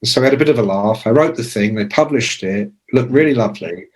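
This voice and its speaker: A man in his sixties tells stories in a relaxed, chatty way. He swears freely and throws in sudden loud imitations of voices and sounds. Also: mid-range voice, quick pace, breathy edge. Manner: animated anecdotes with shouted imitations; swears casually. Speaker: interview guest, music journalist. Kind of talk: casual storytelling.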